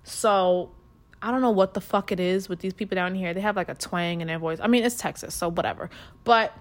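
A woman's voice: lowish voice, brisk. Blunt, profane woman with a New York accent. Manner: blunt, crude and profane, talking straight to listeners. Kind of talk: casual storytelling monologue.

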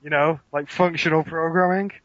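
Guy guesting on a podcast, deadpan dry humor, dead dry sound, kinda lo-fi. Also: fairly high pitch, moderate pace, no echo. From England. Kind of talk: casual chat, answering quick-fire questions.

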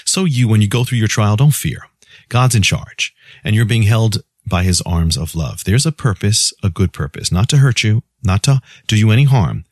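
A male radio preacher delivering a scripted devotional, storytelling and then pitching free offers emphatically. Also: lively intonation, moderate pace, dry recording, studio quality.

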